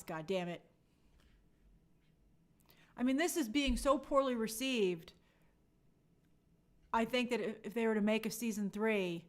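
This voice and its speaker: A woman's voice: fairly high pitch, fairly bright tone. A young adult woman hosting a casual review show, reading viewer comments aloud and acting out quotes in playful voices. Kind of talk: casual live chat review.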